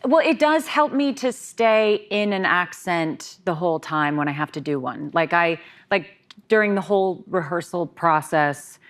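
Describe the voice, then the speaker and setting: An actress as a guest on a late-night talk show, chatty but self-conscious and quick to giggle. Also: female voice, on the low side, lively intonation. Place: TV studio with audience.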